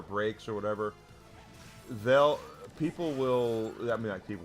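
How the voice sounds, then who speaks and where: A man live-streaming a retro game, chatting casually with viewers in a rambling, talkative way. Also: medium pitch. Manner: rambling, restarts, heated about sports.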